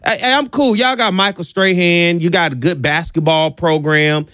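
A man's voice: sits high, moderate pace, a bit bright, dry recording, clean studio sound. A man hosting a sports talk radio show, joking and slangy as he talks to guests and callers.

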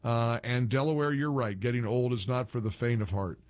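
A man's voice: medium pitch, fairly quick, no echo. A middle-aged man hosting a call-in radio show, rambling, joking and getting exasperated with callers. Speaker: radio talk show host.

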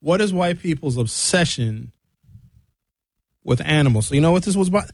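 A man hosting a talk radio show from a studio, ranting in an opinionated monologue and mocking people with high comic voices. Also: lively intonation, moderate pace, pauses often, dry recording.

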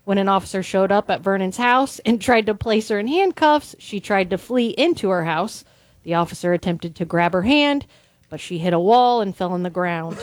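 A woman's voice: medium pitch, no room sound. A woman host reading odd news stories aloud in a casual, wry way, breaking into laughs now and then.

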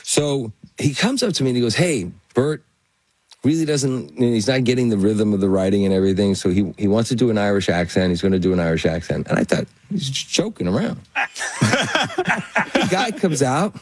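Low-voiced man telling a lively story. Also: fast, few pauses. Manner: animated anecdotes, quotes people in his stories; laughs through his own stories. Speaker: actor guest. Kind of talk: casual interview storytelling.

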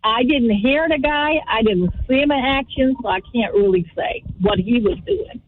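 Woman, radio caller, measured, high-pitched, tinny phone line. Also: slight background noise. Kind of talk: phone-in chat.

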